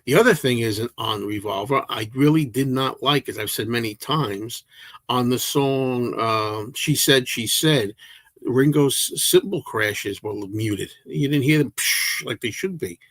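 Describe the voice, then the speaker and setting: A man's voice: medium pitch, unhurried, fairly bright tone, no room sound. A man hosting a casual livestream, answering viewer comments in a rambling, chatty way that often restarts mid-sentence. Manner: rambling, self-interrupting, chatty.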